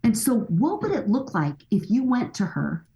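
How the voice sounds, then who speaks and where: A woman's voice: a little high, very animated, normal speed, mellow, poor audio. A middle-aged woman speaking as a guest expert in a podcast conversation, earnest and coaching, often acting out bits of dialogue.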